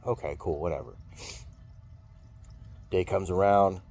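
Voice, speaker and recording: A man's voice: low voice, measured pace, creaky, a little mellow. A man telling a story in a casual venting monologue, rambling and swearing freely. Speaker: vlogger venting.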